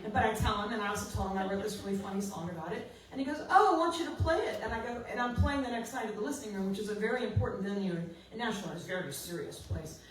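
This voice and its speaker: A woman's voice: mid-range voice, very fast, few pauses. Chatty woman songwriter, roomy distance. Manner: chatty, self-mocking, laughing often. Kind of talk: storytelling at a house concert. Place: living room house concert.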